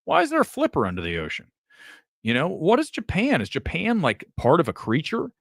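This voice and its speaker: A man hosting a casual live commentary show, animated and profane, jumping from topic to topic. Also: fairly high pitch, fairly quick, vocal fry, no room sound, clean studio sound. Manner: animated, swearing, jumps between topics. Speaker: host.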